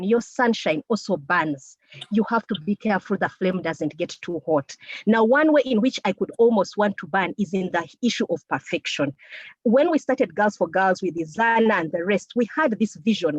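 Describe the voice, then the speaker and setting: A woman speaking to a women's group as a co-founder and technical officer, lively and animated, laughing often and speaking straight to her listeners. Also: medium pitch, husky, no room sound. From Uganda. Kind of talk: motivational talk. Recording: dull lo-fi sound.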